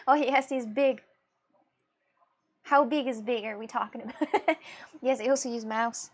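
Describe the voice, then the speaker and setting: A woman's voice: fairly high pitch, measured pace. A young woman chatting casually with her viewers while drawing on a livestream, laughing often and reacting to chat. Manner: giggly, chatty, talks to viewers. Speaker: streamer.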